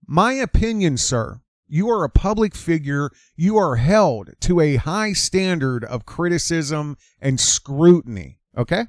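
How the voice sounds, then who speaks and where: A man's voice: a little high, expressive, a little slow, few pauses, no room sound, studio quality. A man hosting an opinionated commentary monologue, emphatic and repeating his lines for effect. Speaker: commentary channel host.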